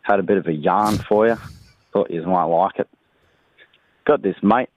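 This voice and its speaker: A man leaving a joke in a laconic, loud voicemail as a caller. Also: deep voice, moderate pace, a little hiss or hum. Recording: tinny phone line.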